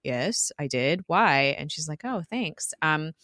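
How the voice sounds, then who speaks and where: A woman recapping a TV episode in casual chat, rambling and animated, laughing often. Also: low voice, measured pace, no echo, clean studio sound. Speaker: podcast co-host recapping a TV episode.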